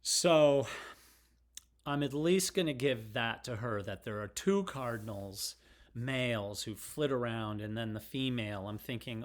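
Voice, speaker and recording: Middle-aged male vlogger, unscripted and digressive, candid and emotional, average pitch. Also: measured pace. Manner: rambling and digressive, frank and emotional. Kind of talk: casual rambling monologue.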